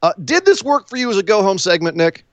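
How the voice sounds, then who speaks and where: A man's voice: sits high, sing-song, fast, no room sound. A man hosting a casual chat, recapping events in a rambling, wry way. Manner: rambling, wry, throws in silly voices. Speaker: podcast host.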